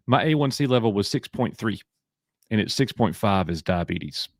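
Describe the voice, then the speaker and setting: Joking Alabama live-stream host. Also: male voice, fairly low pitch, lively intonation, normal speed, no room sound, studio quality. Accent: Southern US, Alabama. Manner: joking, reads chat names aloud and banters. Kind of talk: casual live-stream chat.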